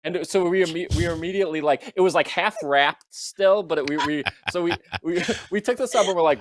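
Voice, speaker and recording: A man's voice: on the high side, fairly quick, few pauses, a little hiss or hum. A man co-hosting a comedy podcast, telling a rambling anecdote in casual chat. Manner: rambling anecdotes with laughing restarts. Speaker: podcast co-host.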